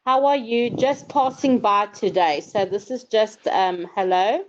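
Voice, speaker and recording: A woman's voice: mid-range voice, a little slow, a little hiss or hum. A woman reading viewers' questions aloud on a live stream, hesitant and stumbling over names. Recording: dull lo-fi stream audio.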